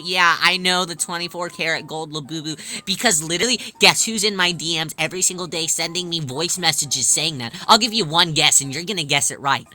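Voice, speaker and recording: A woman hosting a casual livestream, chatting and answering viewers' questions in a lively way with many restarts. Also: fairly low pitch, a little fast, faint music behind. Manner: animated, reads and answers chat, many restarts. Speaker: livestream host.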